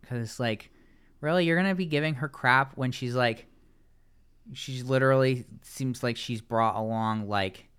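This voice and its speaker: A man speaks slowly and sarcastically in a smooth, clear voice. He talks casually on a podcast and often restarts his sentences. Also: medium pitch, fairly bright tone. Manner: unhurried, sarcastic, halting restarts. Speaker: podcast co-host. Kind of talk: casual podcast recap chat.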